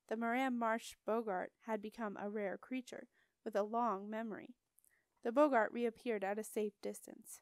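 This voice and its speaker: A woman's voice: mid-range voice, no room sound. Woman reading an audiobook, dry close sound. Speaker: audiobook reader. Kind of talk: audiobook narration.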